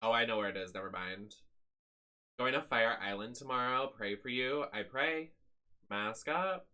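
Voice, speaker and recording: A man's voice: mid-range voice, normal speed, bright, forceful tone. A man live-streaming a video game, making sassy, crude, joking asides.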